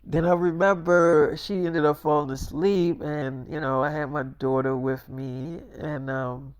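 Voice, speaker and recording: A man's voice: fairly high pitch, fairly even intonation, unhurried, clean tone, dry recording. A man telling an improvised role-play story in a rambling way, full of filler words. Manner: rambling, full of "like" and "you know".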